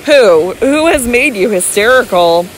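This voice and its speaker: A woman's voice: on the high side, expressive, a little slow, a little hiss or hum, rough recording. A woman reading an audiobook voices an elderly baronet who speaks firmly and tenderly to his wife. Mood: protective. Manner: firm, insistent, tender toward his wife. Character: elderly devoted baronet husband, protective and indignant.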